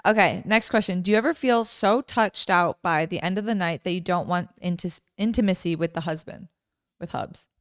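Smooth-voiced young woman chatting. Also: lowish voice, moderate pace, dry recording, clean studio sound. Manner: rambling, many "like" fillers. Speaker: podcast co-host. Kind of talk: casual couple podcast chat.

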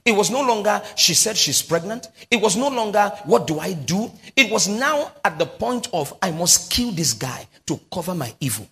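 Nigerian pastor preaching, fairly high voice, repeats lines back at the crowd, big echoey church. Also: male voice, very animated, moderate pace, hardly any pauses, fairly bright tone. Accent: Nigerian English. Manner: emphatic call-and-response preaching, repeating key phrases. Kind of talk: sermon with prophetic prayer. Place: large church hall. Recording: long hall reverb.

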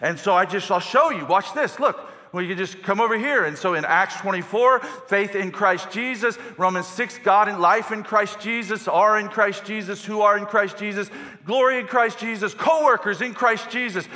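High, bright-voiced preaching man. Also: moderate pace. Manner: animated, repetitive emphatic preaching. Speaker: pastor. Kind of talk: sermon. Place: church stage. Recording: long hall reverb of a church.

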